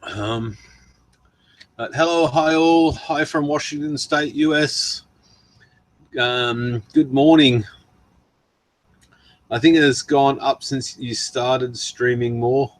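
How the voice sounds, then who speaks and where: A man's voice: mid-range voice, steady tone, takes it slowly, pauses often, no room sound. An Australian man hosting a casual live stream, reading out viewer messages in a chatty way with frequent laughs and ums, his throat worn from long talking. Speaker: livestream host.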